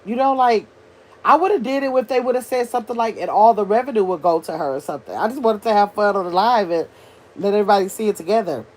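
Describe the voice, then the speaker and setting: An older woman hosting a casual livestream, chatting with her viewers and reading their comments aloud as she thinks out loud. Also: mid-range voice, fast. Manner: chatty, animated, thinks out loud, addresses chat as y'all. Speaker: livestream host reading chat.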